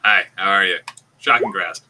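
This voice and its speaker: A man's voice: sits low, moderate pace, bright, forceful tone, slight background noise. A man playing in a live tabletop game, stating his moves plainly. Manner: matter-of-fact, announcing his moves. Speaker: player. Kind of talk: casual game talk.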